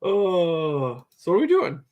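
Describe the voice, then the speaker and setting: A man co-hosting a casual livestream chat, talking in animated, defensive bursts that jump to loud exclaiming. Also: sits high, slow, muffled recording. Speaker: co-host.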